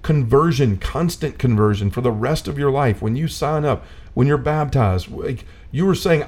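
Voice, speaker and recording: A man's voice: mid-range voice, expressive, normal speed, hardly any pauses, a little mellow. A man talking earnestly about faith in a casual discussion, full of "like" fillers, building to a preachy intensity.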